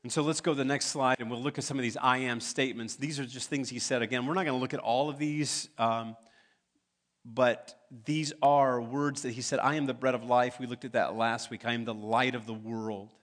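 A man preaching a sermon in a church, talking in a relaxed way and making joking asides to the congregation. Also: medium pitch, a little fast. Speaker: pastor. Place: church sanctuary.

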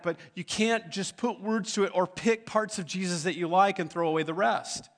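A man's voice: high-pitched, fairly even intonation, moderate pace, few pauses. A man preaching a sermon as pastor, emphatic, building to urgent pleas.

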